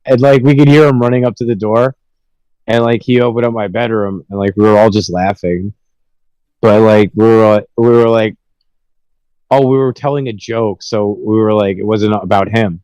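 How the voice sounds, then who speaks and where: A man's voice: fairly low pitch, steady tone, moderate pace, a little mellow, clear, resonant tone, no room sound, poor audio. A man hosting a podcast, telling rambling, profane stories about his pranks in a casual chat. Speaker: podcast host.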